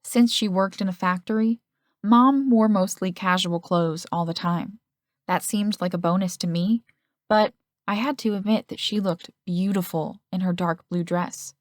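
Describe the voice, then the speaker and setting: A woman reading a first-person audiobook in a steady, intimate storytelling manner. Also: mid-range voice, unhurried, no room sound, clean studio sound. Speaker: audiobook narrator.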